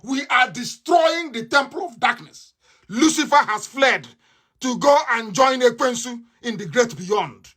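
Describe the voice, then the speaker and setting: A man's voice: very high voice, lively intonation, unhurried, fairly bright tone. Fiery man broadcasting. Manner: impassioned, repetitive, mocking. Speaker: radio broadcaster. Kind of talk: live radio broadcast monologue.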